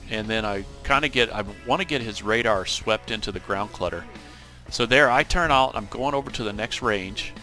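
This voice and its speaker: A man with a bright, forward voice talks through recorded flight-sim footage in a loose, chatty way. He tells the story with animation, jumping up to act out the radio calls, and a faint bed of music sits underneath. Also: mid-range voice. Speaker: gaming channel host. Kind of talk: casual gameplay commentary.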